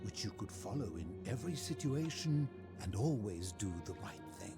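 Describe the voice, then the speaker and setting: A lonely old philosopher hermit. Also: male voice, fairly low pitch, sing-song. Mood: probing. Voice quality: measured, formal, questioning delivery. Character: lonely aging male philosopher hermit, courteous and probing. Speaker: game character. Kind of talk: video game voice acting. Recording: game audio with soundtrack music. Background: game music.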